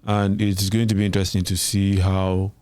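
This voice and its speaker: A man's voice: deep voice, little pitch movement, fairly quick, darkish tone, no room sound. A man co-hosting a tech podcast, thinking aloud in a casual, hesitant way. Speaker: podcast co-host.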